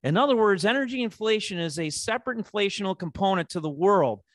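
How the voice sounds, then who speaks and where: A man with a Chicago accent hosting a finance podcast, making his points in an animated, rhetorical way. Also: high voice, quick pace, no room sound, studio quality. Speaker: podcast host. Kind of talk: opinionated finance podcast talk.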